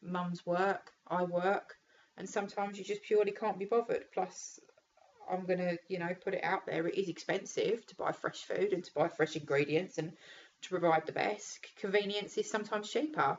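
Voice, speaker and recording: A woman's voice: fairly low pitch, fairly even intonation, normal speed, highs cut off, a little hiss or hum. A British woman and mum vlogging candidly, tearful and raw, talking frankly with lots of fillers and some swearing. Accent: British English. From United Kingdom. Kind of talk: candid casual vlog.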